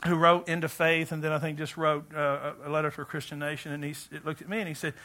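A middle-aged male pastor preaching a sermon, animated and joking, swinging between loud outbursts and hushed asides. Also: fairly high pitch, fast talker.

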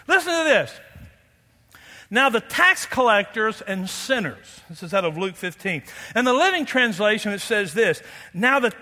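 A pastor delivers a sermon from the pulpit in a very high, bright voice. He's animated and playful, pulling the congregation in with questions, and a long reverb suggests a large church hall.

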